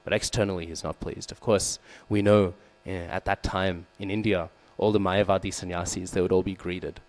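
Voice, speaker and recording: Male class speaker, deep-pitched, preaching in a temple hall with light electrical hum behind. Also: flat delivery, normal speed. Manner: frequent "hmm?" and "right?" checks with listeners; acts out quoted lines with raised voice. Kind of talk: scripture class sermon. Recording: low mains hum behind.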